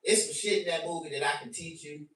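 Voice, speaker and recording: Man, comedian, animated profane rant, shouting bursts, distant mic. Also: on the high side, fast talker. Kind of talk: profane stand-up rant to a livestream. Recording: very echoey room, mic at a distance.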